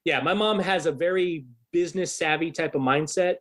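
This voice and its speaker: Man, thirties, podcast guest, slightly high voice, casual swearing storyteller. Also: normal speed. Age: 30s. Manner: swears freely, animated retelling.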